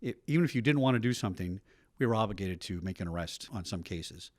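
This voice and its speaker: Fast-talking middle-aged man, low voice. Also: animated, a little mellow, dry recording, studio quality. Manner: brisk storytelling with frequent asides. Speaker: retired police officer. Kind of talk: documentary interview.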